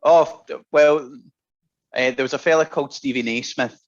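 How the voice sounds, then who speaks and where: A man's voice: mid-range voice, steady tone, moderate pace. A Scottish man chats as a guest, spinning stories and laughing often. His voice sits in a middle range for a man. The recording sounds a little dull and lo-fi. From Scotland. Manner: chatty storyteller, laughs often. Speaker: guest musician. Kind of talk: casual chat.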